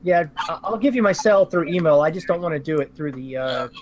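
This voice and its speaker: A man's voice: fairly high pitch, expressive, fairly quick, crowd noise, rough recording. A man co-hosting a live stream, talking informally and earnestly with some hesitations. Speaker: co-host. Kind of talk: casual live-stream chat.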